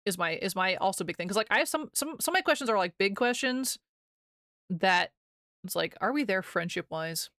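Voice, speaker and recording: A woman's voice: medium pitch, expressive, fairly quick, a bit bright, no room sound, studio quality. A young American woman streaming live, chatting casually with her viewers, rambling and laughing often as she reads chat aloud.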